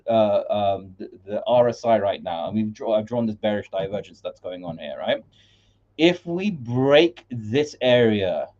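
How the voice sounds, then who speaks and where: Guy rambling through a crypto livestream, lots of uhs and restarts, warm mellow voice, kinda muffled stream audio. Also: medium pitch. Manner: rambling, many fillers and restarts. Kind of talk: casual market commentary livestream.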